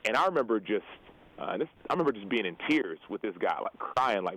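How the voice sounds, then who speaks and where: A man's voice: on the low side, expressive, quick pace, fairly bright tone, poor audio. A man in his thirties, a guest on a show, candidly telling personal stories, earnest and reflective, acting out remembered dialogue and often checking in with "right?". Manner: earnest, reflective, retells scenes with quoted dialogue, tags lines with "right?". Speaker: guest, pro football player and author. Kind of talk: candid interview storytelling.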